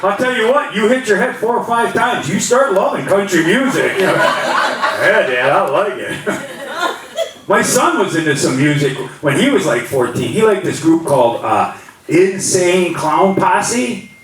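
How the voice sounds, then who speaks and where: A man's voice: sits high, expressive, moderate pace, a little hiss or hum. A middle-aged man doing a stand-up comedy set, telling rambling stories and acting out the voices of the people in them. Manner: rambling storytelling, acts out voices. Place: comedy club stage. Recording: roomy hall, mic from a distance, loud crowd. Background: audience laughter.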